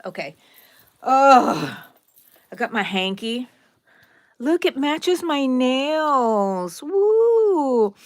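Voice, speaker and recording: A woman's voice: high voice, very animated, extremely slow, long pauses, no echo, studio quality. A woman hosting a crochet live stream, chatting playfully, laughing often and greeting viewers by name. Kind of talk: casual live-stream chat.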